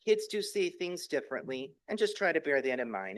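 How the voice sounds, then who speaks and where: Man, speech-club storyteller, bright-ish pitch, very expressive. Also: fairly quick, few pauses. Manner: animated, dramatic delivery with voiced quotes. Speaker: club speaker telling a personal story.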